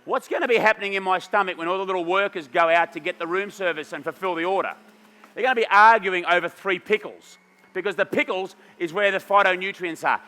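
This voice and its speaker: A man's voice: sits high, fast talker, pushed and bright. A middle-aged man giving a playful live juicing demo, joking with the audience and directing volunteer helpers. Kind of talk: lively stage talk with audience helpers. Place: large hall with an audience. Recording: reverberant hall.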